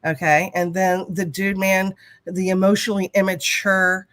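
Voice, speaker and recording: A woman co-hosting a casual talk show and telling a story in a blunt, animated way, swearing freely. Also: medium pitch, normal speed. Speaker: talk show co-host, hypnotherapist.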